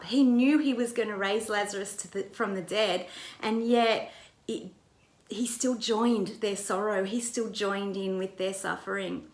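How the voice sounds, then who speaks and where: A woman's voice: a little high, roomy sound. A woman pastor retelling a Bible story in a conversational way, with vivid narration. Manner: vivid retelling, acts out quoted lines.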